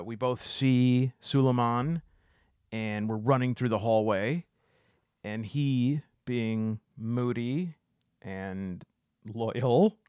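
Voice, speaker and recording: A man's voice: mid-range voice, darkish tone, clear, resonant tone, no room sound, clean studio sound. A man narrating a solo tabletop game, thinking aloud as he reads out dice results. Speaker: solo game player and host.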